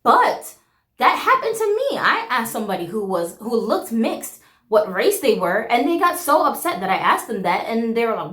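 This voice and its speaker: Frank woman in her forties, casual vlogger, high voice with roomy echo. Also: moderate pace. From America. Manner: animated, frank, swears freely, laughs often. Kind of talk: casual talk to camera.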